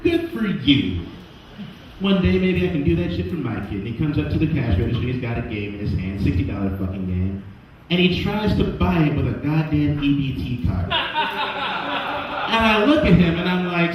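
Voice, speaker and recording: A man's voice: fairly high pitch, sing-song, moderate pace, slight background noise. A man doing stand-up at an open mic, ranting with lots of swearing and mocking voices for the people in his stories. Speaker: stand-up comedian. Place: small bar at an open mic night. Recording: echoey muffled room recording from far off.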